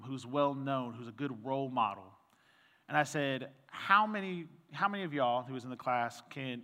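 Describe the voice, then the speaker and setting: A man preaching a sermon in a relaxed, conversational way, trading personal anecdotes and quoted back-and-forth before reading scripture. His voice sits a little high and sounds bright and forceful. It rings out with a long reverb, as in a church sanctuary. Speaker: pastor.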